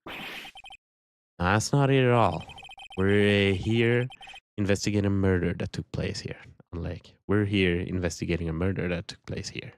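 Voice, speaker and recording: A man's voice: low-pitched, steady tone, moderate pace, a little hiss or hum, voice pushed down. A man voicing an earnest young male lawyer, talking in a hesitant, stammering way.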